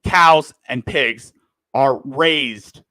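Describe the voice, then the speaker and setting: A man's voice: mid-range voice, very slow, sharp tone, no room sound. A man in a heated, profane commentary rant, lurching between fury and apology. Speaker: livestream commentator. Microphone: desk microphone.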